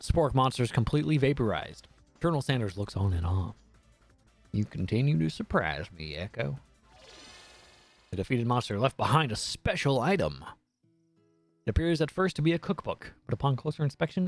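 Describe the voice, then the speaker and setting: A man's voice: mid-range voice, moderate pace, dry recording, faint music behind. A man streaming a dating game, reading the text aloud with jokey, swearing commentary. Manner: animated, jokey, swears freely.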